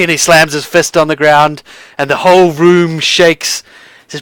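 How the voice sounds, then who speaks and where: Casting: male game master, slightly high voice, dry close mic, loose rambling delivery. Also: flat delivery, normal speed, fairly bright tone, clean tone, no echo. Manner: rambling with frequent fillers. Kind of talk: narrating a tabletop game.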